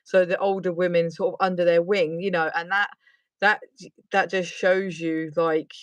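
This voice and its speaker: A woman's voice: on the low side, little pitch movement, moderate pace, no echo. A woman hosting a casual interview, asking long rambling questions full of fillers. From United Kingdom. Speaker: host.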